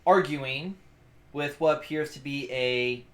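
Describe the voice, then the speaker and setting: A man's voice: medium pitch, slow, fairly bright tone. A man narrating as game master of a tabletop game, casual and laughing often as he explains the rules.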